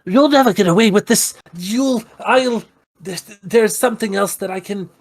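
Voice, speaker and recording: A man doing a shrill goblin villain in a Marvin the Martian voice. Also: moderate pace, creaky. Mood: sputtering defiance. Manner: shrill, sputtering, indignant. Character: flustered small male goblin villain.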